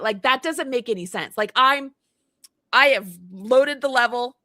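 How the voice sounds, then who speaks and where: A bright, fairly high-voiced woman telling a story on a live chat show. She acts out every voice in the tale and gets more and more worked up. The sound is close and dry. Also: a little slow, no echo. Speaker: co-host. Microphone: livestream mic.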